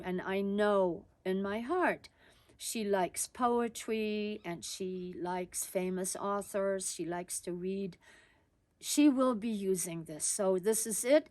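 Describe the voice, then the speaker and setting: A woman voicing her grandmother as she retells a memory, speaking gently but insistently. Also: mid-range voice, no echo, natural voice. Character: firm, loving grandmother.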